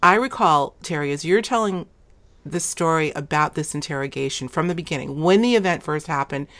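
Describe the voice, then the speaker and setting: A woman hosts a talk show in a low voice. She talks emphatically and often speaks straight to her listeners. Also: brisk, fairly bright tone. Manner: emphatic, addresses the audience directly. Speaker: host.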